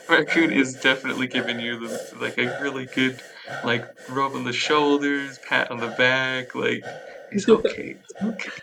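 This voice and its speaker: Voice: medium pitch, fairly even intonation, measured pace, gravelly, noisy background. A game master narrating a tabletop game in rambling, loose narration.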